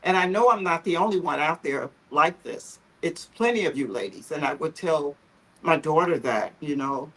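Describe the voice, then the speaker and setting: Husky, emotional woman telling her story. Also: low voice, normal speed, rough recording. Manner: heartfelt, emotional, earnest. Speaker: founder of a photo therapy group, guest. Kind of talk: livestream conversation, personal story.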